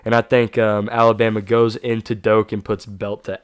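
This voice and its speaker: A man hosts his own sports talk show, running through game predictions in a casual, offhand way. He often catches and corrects himself mid-sentence, and his voice is smooth and resonant. The close, dry recording leaves no room sound. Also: lowish voice, flat delivery, normal speed, no room sound. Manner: casual, self-correcting, hyping players.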